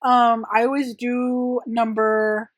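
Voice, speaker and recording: In a chatty Q&A vlog, a young woman who makes press-on nails and hosts a channel answers viewer questions casually and loosely, using many "like" and "um" fillers. Her voice is a little high for a woman, her tone is level and her pace slow. The sound is dry, with almost no room echo.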